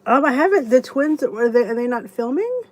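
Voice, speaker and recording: Chatty woman in her fifties, slightly high voice. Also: lively intonation, a little fast. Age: 50s. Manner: rambling and chatty, many restarts. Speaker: YouTube channel host. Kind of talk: casual live-stream chat, reading viewer comments.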